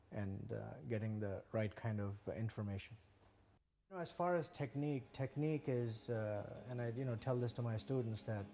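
A man, a guitar teacher, giving thoughtful, hesitant interview answers. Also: on the low side. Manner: thoughtful, hesitant with many fillers. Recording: soft music in the background.

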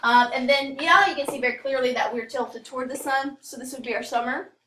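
A woman teacher with a high, bright, pushed voice lectures briskly in a casual, rambling way, packed with fillers and asides. She's recorded from a distance in an echoey classroom, with a slight hiss or hum.

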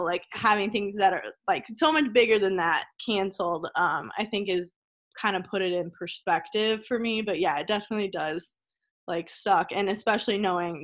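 A woman's voice: mid-range voice, fairly bright tone. A young woman, a college tennis player, chatting casually as an interview guest from home over a video call, filling her talk with "like" and laughing easily. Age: young adult.

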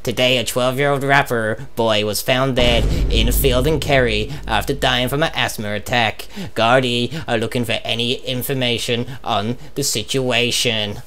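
A man's voice: medium pitch, steady tone, moderate pace, hardly any pauses, a bit bright, a little hiss or hum, close to an everyday voice. A man with an Irish accent putting on a formal male evening news anchor, reading in a solemn news-reading manner. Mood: mock-solemn.

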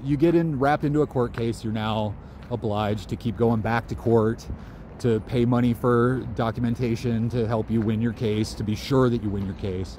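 A man's voice: mid-range voice, warm tone, slight background noise. A man vlogging outdoors in a park, musing in a loose, conversational way. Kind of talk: casual outdoor monologue.

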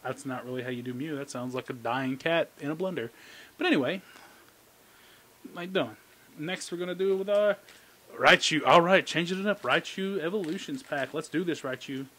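Dude ripping open card packs, jokey and hyped, kinda high voice. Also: male voice, moderate pace. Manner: excitable, jokey, talks to cards. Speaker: card collecting YouTuber. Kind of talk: casual pack-opening commentary.

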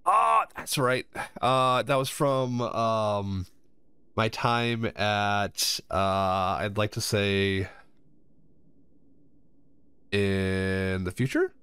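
A man's voice: fairly low pitch, very slow, long pauses, pushed and bright, smooth, dry recording. A man giving casual let's-play commentary, rambling, swearing freely and talking to himself and the game characters. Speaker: gamer playing a video game.

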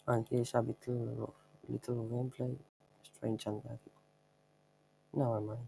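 A man's voice: medium pitch, little pitch movement, unhurried, vocal fry, pauses often, mellow, a little hiss or hum, low-quality recording. A young man giving offhand, rambling commentary over his own gameplay, showing a trick step by step. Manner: offhand, rambling, chuckles at himself. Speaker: gameplay video maker.

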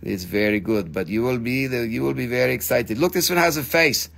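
An American man hosting a casual live sales stream of crystals, animated and swearing, slipping into silly voices. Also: mid-range voice, fairly quick, gravelly. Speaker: live-sale host.

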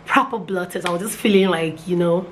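A young woman with a Nigerian accent telling a personal story in a casual vlog, animated and repeating phrases. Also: fairly quick, noisy background. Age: young adult. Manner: animated, repeats phrases, pitch jumps when excited. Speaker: vlogger.

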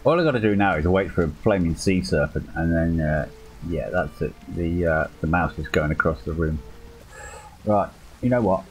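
A man's voice: sits low, moderate pace, low-quality recording. Exasperated man streaming a game. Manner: exasperated, swearing, joking commentary. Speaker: gaming streamer. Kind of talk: live-streamed gameplay chat.

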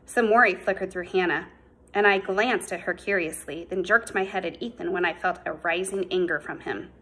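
A woman narrating a novel as an audiobook in a measured, unhurried way. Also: lowish voice, pushed and bright, slight background noise, rough recording.

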